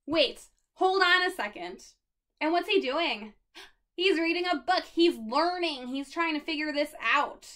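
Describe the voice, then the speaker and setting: A woman's voice: high-pitched, animated, unhurried, a bit bright. A woman librarian reading a picture book aloud at a children's storytime, pointing things out along the way.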